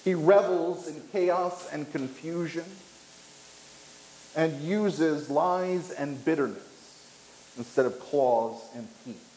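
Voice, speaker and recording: A man preaching a sermon, emphatic, with dramatic pauses and rising pitch on key points. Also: darkish tone, echoey room, slight background noise, poor audio. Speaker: pastor. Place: church.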